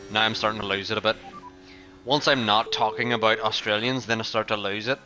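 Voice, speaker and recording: A man streaming a racing game live, commentating casually and joking with quick asides. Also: fairly low pitch, steady tone, bright, forceful tone, soft background music.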